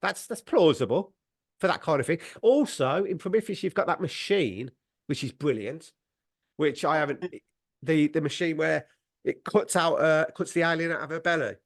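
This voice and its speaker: A man's voice: a little high, moderate pace. A man chatting casually on a podcast, hesitant and repeating himself as he explains. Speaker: podcast co-host. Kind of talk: casual chat.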